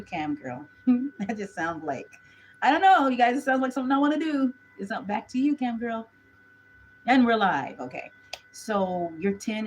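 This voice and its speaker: Low-voiced woman in her 40s, chatty live tarot reading, faint hum behind. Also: poor audio. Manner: chatty, talks straight to viewers. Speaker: tarot reader.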